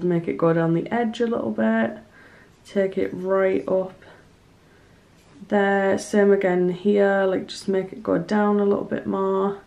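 A young woman talks through her crafting work in a casual vlog. Her voice sits at a middling pitch, chatty and self-conscious, turning soft and tearful now and then. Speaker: small business artist, vlogger.

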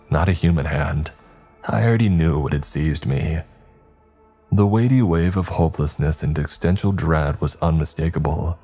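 A man narrating a horror story in a measured, dramatic storytelling manner. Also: a bass voice, steady tone, a little mellow, faint music behind.

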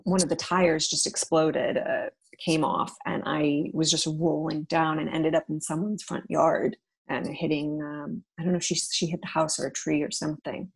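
A woman casually recounting a strange dream in a soft, wry way. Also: low-pitched, gravelly, slightly rough. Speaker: storyteller. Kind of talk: casual spoken anecdote.

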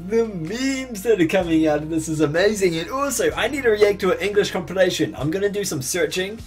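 A young man giving casual reaction commentary, excitable and quick to laugh and exclaim. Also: sits high. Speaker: YouTube reactor. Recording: music playing underneath.

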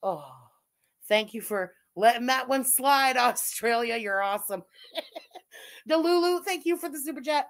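A woman's voice: high-pitched, animated, a little slow. A woman hosting a livestream with casual commentary, giggling often and talking in a crude, mocking way. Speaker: livestream host.

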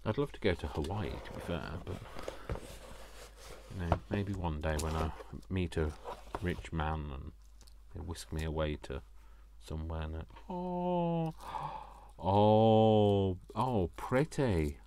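Male craft vlogger, deep and unhurried, effusive self-talk with a faint hiss behind. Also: a little mellow. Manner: gushing, gasping and talking to himself. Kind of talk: casual unboxing chat.

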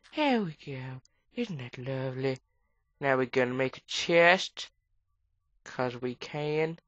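A woman with a cold gives rambling casual commentary while playing a game, breaking into sudden high squeals. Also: a bit bright, no room sound. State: has a cold. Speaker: gamer. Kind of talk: casual let's play commentary. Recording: dull lo-fi recording.

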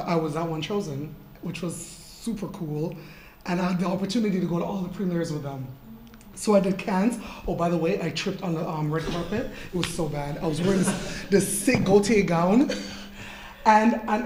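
A woman's voice: fairly low pitch, normal speed, a little mellow. A woman in her forties tells stories about her career on stage at a live talk. She is chatty and laughs easily, her words full of fillers. The hall around her is roomy, with a faint hum of background sound. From Canada. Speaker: guest model in an artist talk. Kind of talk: casual storytelling interview. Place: event room with an audience.

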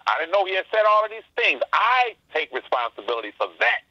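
A man's voice: sits high, very animated, fast, no echo, highs cut off. A man calling in to a live stream, ranting angrily and swearing, repeating his points. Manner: angry, swearing, repeats himself. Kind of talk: heated call-in rant.

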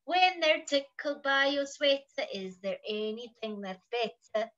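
A woman teacher reading stories aloud to children in an expressive, sing-song way, then signing off warmly. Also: on the high side, unhurried, dull audio. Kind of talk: story time reading to children.

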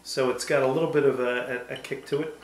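A man co-hosting a cocktail tasting show, teasing dryly and pausing to find his words. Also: medium pitch, steady tone. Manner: dry teasing, halting with fillers. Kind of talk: casual tasting chat. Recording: roomy with faint background noise.

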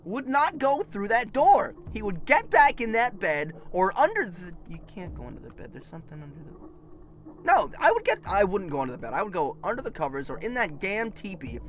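A man's voice: sits high, big pitch swings, brisk, fairly bright tone. A man giving commentary while playing a horror game, panicky, often screaming and laughing nervously. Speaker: let's play gamer.

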